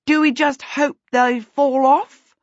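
A woman's voice: high-pitched, fairly even intonation, slow pace, no room sound, pitched above the performer's own voice. A woman reading an audiobook, voicing a breathless, exasperated young woman. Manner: raised, panting, exasperated. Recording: dull dry lo-fi recording.

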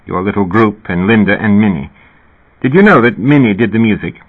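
A man's voice: on the low side, lively intonation, fairly quick, slightly rough. A man voicing a genial, amused male musician with a slight British accent and a twinkling, lilting manner. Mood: chatty. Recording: tinny phone-like audio.

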